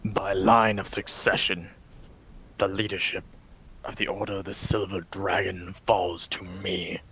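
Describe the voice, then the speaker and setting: A man voicing a grim, vengeful undead knight commander who speaks in a low, gravelly whisper, slow and menacing. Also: little pitch movement, bright, forceful tone, exaggerated voice, low-quality recording. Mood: brooding.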